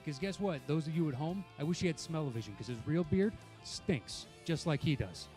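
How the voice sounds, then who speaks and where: A man's voice: a little high, expressive, a little fast, darkish tone, faint music behind. A man cutting a mocking trash-talk promo against his opponent. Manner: mocking, taunting. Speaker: competitor.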